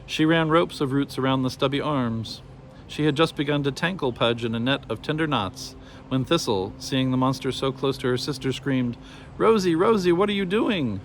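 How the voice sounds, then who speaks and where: A man narrating a storybook aloud in an expressive, measured way. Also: mid-range voice, slight background noise.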